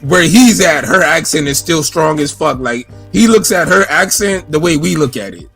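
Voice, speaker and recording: A man in casual podcast banter, his voice sitting a little high for a man. He talks loosely and profanely, joking with the crew, with soft music faint behind him. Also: animated, normal speed, husky. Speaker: podcast co-host. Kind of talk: casual boxing chat.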